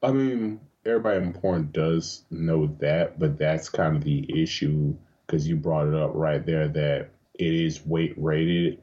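A man with a very low, deep voice chats loosely as an interview guest, spinning animated stories full of swearing and laughter. The recording sounds dull and lo-fi. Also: a little slow, hardly any pauses. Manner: animated, profane storytelling with frequent laughs. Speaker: interview guest, adult film performer. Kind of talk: casual chat.

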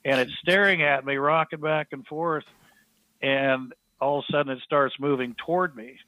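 A man's voice: on the high side, fairly even intonation, normal speed, dry recording. Man telling a story over a tinny phone line. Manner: rambling storyteller who acts out quoted speech. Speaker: guest.

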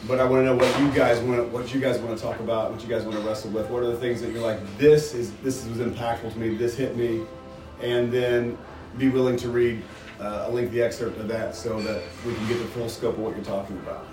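A man's voice: medium pitch, level tone, quick pace, music in the background. A man leading a group book discussion and reading passages aloud, inviting and thoughtful. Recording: roomy, distant mic.

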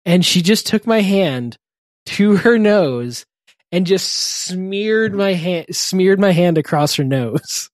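A man and parent chatting casually, telling funny anecdotes in halting bursts, laughing often and breaking off mid-sentence. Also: sits high, lively intonation, no echo, clean studio sound. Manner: chuckling, halting, self-interrupting anecdotes. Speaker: podcast co-host, parent. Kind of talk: casual chat, storytelling.

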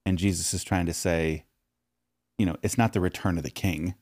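Deep-voiced man explaining scripture. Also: fairly even intonation, moderate pace, darkish tone, no room sound, studio quality. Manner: explanatory, with short agreeing backchannels. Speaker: podcast co-host. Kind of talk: casual Bible discussion.

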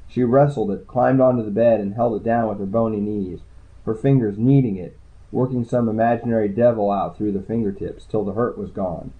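A man's voice: fairly low pitch, steady tone, fairly quick. A man narrating a first-person story in a dry, wry way. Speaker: audiobook narrator. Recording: tinny phone-like sound.

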